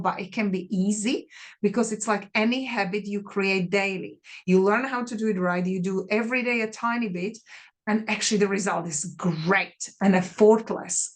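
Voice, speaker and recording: Woman, guest author, casual chat, short simple phrases, mid pitch.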